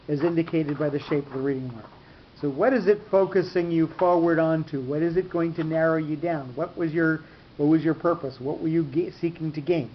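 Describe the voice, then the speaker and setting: A man teaching a class on cantillation marks. He explains patiently, rephrases often, and fills pauses with ums. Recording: dull lo-fi recording with faint rumble.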